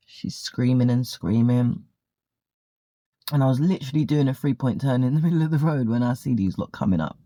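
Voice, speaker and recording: A woman's voice: a bass voice, brisk, mellow, no room sound. A woman, vlogging a candid, profane story in a chatty way. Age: 40s. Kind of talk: casual storytelling monologue.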